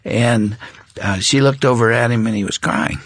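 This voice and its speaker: An older man telling a personal faith story as a talk show guest, unhurried and reflective, pausing on fillers. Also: mid-range voice, fairly bright tone, slightly rough, no room sound.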